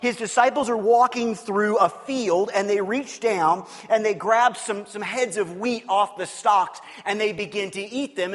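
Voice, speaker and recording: High-voiced man teaching in an echoing hall. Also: a bit bright. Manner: informal, restarts and repeats words, checks in with "okay?". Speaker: pastor or Bible teacher. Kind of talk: conversational Bible teaching. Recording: long reverb from a large room.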